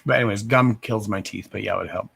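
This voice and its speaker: A man's voice: fairly low pitch, fast, creaky, a bit bright, slightly rough. A man, mumbling as he chats casually and profanely on a livestream as a card reader. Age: 30s. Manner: profane, rambling and self-deprecating.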